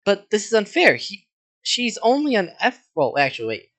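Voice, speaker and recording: A performer voicing a hot-tempered young female anime swordfighter in a fan roleplay reading, shouting indignantly. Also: medium pitch, huge pitch swings, normal speed, voice pushed up.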